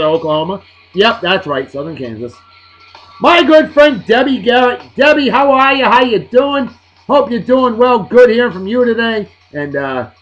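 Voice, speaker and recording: Lively high-voiced New man. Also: lo-fi sound. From Massachusetts, USA. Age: 40s. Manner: chatty, playful asides, upbeat. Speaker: video show host. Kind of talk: casual birthday shout-outs.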